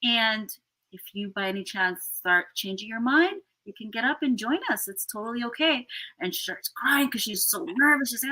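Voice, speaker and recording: A woman's voice: fairly high pitch, normal speed, low-quality recording. A woman guest on a live podcast, telling stories expressively and acting out what people said. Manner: expressive storyteller, acts out quotes.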